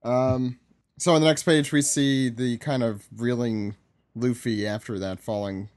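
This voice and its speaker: A man guest on a podcast, recapping a comic in a relaxed, wry way with hesitant fillers and frequent laughs. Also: mid-range voice, unhurried, dry recording. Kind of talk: casual chat recapping a comic.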